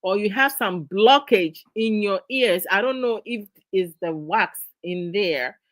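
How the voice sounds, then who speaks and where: A woman's voice: medium pitch, unhurried, dry recording. Laughing, exasperated woman host. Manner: exasperated, lecturing, laughs often. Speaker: host of a live discussion stream. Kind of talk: casual live-stream talk to viewers.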